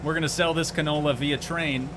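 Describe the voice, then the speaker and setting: A man's voice: a little high, steady tone, brisk, background noise. A man streaming a game live, chatting casually, joking and answering his chat as he plays.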